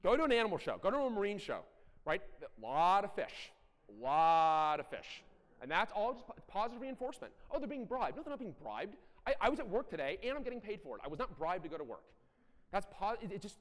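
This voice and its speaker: A middle-aged man giving a conference talk, animated and blunt, with self-deprecating asides and occasional profanity. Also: high-pitched. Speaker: conference speaker. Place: large conference hall. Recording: echoey hall.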